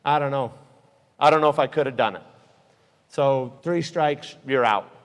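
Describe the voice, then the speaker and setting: A man's voice: medium pitch, moderate pace. A man giving an earnest, emotional aviation safety talk to a live audience, telling stories. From Utah. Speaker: guest speaker. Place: hangar event space. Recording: echoey hall with long reverb.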